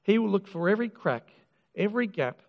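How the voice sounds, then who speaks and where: Brief: male pastor, high voice, earnest sermon delivery, heard on a dull, lo-fi recording in a reverberant hall. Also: animated, a little fast, creaky. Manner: earnest, emphatic, with repeated restarts and self-deprecating humour. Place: church. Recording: dull lo-fi sound with long church reverb.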